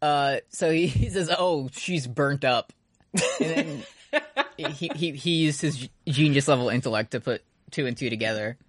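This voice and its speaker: A man in a casual recap chat, retelling scenes with lots of laughter and quick put-on character voices. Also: a little high, husky, dry recording, clean studio sound. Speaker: podcast co-host.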